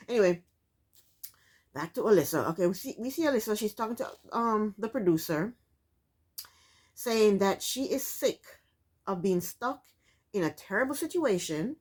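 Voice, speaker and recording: A woman's voice: mid-range voice, animated, normal speed, long pauses, darkish tone. A woman recapping a reality TV show in casual commentary, sassy and exasperated, firing off rhetorical questions.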